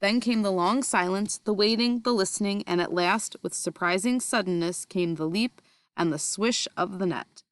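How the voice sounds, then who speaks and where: A woman reading a children's storybook aloud in a steady, expressive manner. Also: mid-range voice, moderate pace, no room sound. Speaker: reader.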